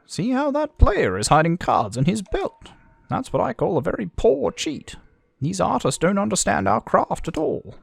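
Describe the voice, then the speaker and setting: A man voicing a scheming, smooth-talking nobleman in a video game, in a high, theatrical put-on voice with a vague accent. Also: huge pitch swings, normal speed, dry recording, heavily acted. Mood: conspiratorial.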